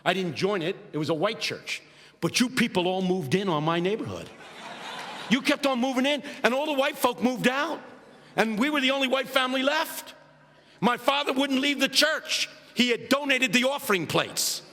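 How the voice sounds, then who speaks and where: A man from Philadelphia preaching a humorous storytelling sermon with animated comic delivery that builds into shouted preaching, in a large hall. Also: very high-pitched, moderate pace. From United States, Philadelphia. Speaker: preacher and guest speaker. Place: large hall with a live audience. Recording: reverberant hall, faint ambience.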